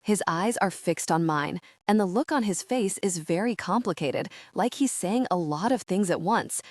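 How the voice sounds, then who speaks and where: A woman reading a first-person audiobook in a soft, measured, intimate manner, recorded close on a studio mic. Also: on the low side, lively intonation, no room sound. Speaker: audiobook narrator.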